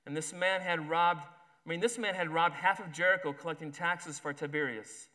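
Bright-voiced male preacher. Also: a little high, steady tone, normal speed. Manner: reads a story aloud, acting out the characters' lines. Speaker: pastor. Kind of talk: sermon.

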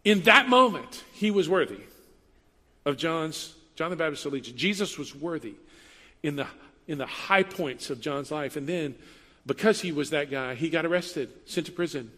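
A man's voice: on the high side, animated, normal speed, bright, forceful tone, in a large hall. A man giving a sermon as a pastor, speaking in a conversational style with emphatic repetition.

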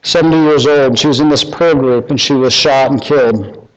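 A man's voice: mid-range voice, moderate pace, muffled recording. A man preaching a sermon earnestly, repeating lines and asking the congregation rhetorical questions. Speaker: pastor.

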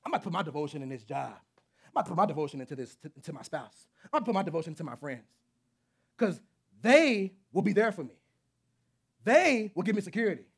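A man voicing a believer's heart as a cocky inner voice that boasts rapidly. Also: fairly high pitch, very animated, husky, pitched below the performer's own voice, exaggerated voice.

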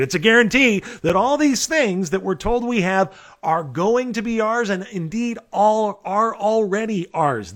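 A man preaching an expository sermon, earnest and emphatic, with folksy asides to his listeners. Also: fairly high pitch.

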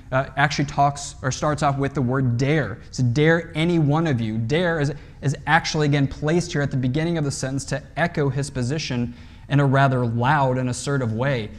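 Guy preaching a sermon, chatty, keeps saying right? and restarting bits. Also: mid-range voice. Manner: conversational, often adds "right?" and restarts. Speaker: pastor.

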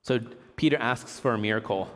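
A man's voice: mid-range voice, brisk. A man giving a casual, chatty sermon, reading scripture aloud and joking with a laugh as he teaches. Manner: relaxed, chatty, jokes and laughs while teaching. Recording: long hall reverb.

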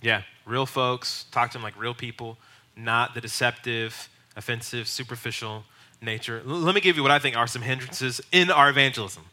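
A man's voice: mid-range voice, normal speed, bright, forceful tone. A young man, a pastor, giving a casual, conversational teaching on evangelism and acting out quoted voices. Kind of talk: sermon teaching.

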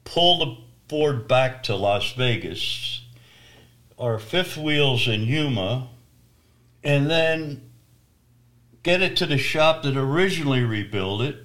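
A man telling his personal testimony story, swinging from loud emphasis to hushed near-whispers. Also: mid-range voice, expressive, slow pace, long pauses.

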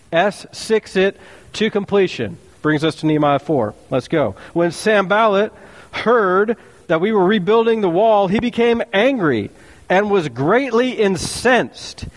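A man preaching a sermon as pastor, lively and playful, firing rhetorical questions at his congregation. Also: sits high, big-room sound.

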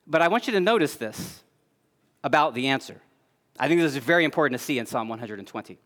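A man preaching a sermon as pastor, earnest, rising to emphatic peaks and then dropping soft and low. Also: expressive, fast.

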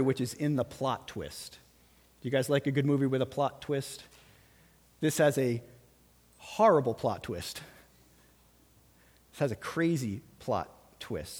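Pastor, male, fairly high voice, animated sermon delivery, long hall reverb. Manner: animated, swings from hushed to loud exclamations.

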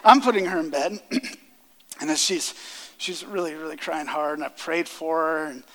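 A man in his thirties preaching a sermon, earnest, rising loud on key lines and dropping soft. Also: a little high, normal speed. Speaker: pastor. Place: church sanctuary. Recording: long hall reverb.

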